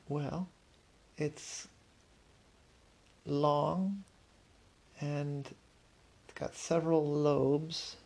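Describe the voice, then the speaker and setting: A man's voice: fairly high pitch, creaky, mellow, husky, exaggerated voice. A man voicing a small, worried, sleepy butterfly that frets and repeats itself. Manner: fretful, repeats itself anxiously.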